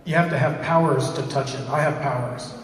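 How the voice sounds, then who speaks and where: Cunning raven trickster, a man doing him, fast-talking and evasive, distant and roomy. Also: a little high, fairly even intonation, slight background noise, close to an everyday voice. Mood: sly. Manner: quick, evasive, persuasive. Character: sly male raven trickster in human form. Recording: echoey hall from far off.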